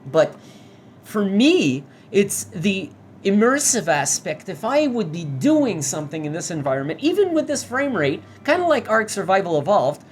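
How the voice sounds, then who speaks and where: Gamer guy rambling through a vr demo, swears a lot, pitch all over the place. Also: sing-song, normal speed, slight background noise. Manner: rambling, swears, restarts often. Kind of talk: casual first-impressions commentary.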